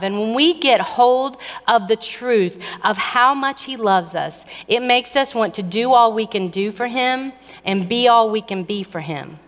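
A middle-aged woman preaching a sermon in church, teaching in a measured, emphatic way with playful self-deprecating asides. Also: on the high side, fairly bright tone, big-room sound.

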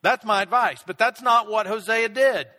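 A man's voice: high-pitched, normal speed, pushed and bright. A middle-aged man preaching a sermon, telling a self-deprecating family story in a casual, conversational way. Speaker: pastor. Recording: long reverb of a large hall.

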